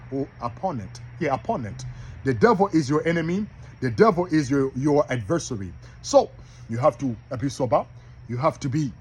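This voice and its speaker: A man teaching from the Bible in a casual style, reading verses with loud emphasis and calling out to his listeners. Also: medium pitch, breathy edge. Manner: animated, calls out to listeners; reads scripture with loud emphasis. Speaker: preacher.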